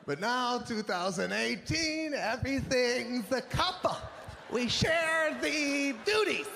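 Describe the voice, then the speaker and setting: Male stand-up comic with a high voice, animated and exasperated, loud punchlines, noisy live stage recording. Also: slow, creaky. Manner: animated, exasperated storytelling, often shouting punchlines. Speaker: stand-up comedian. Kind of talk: stand-up comedy set. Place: comedy stage before a live audience.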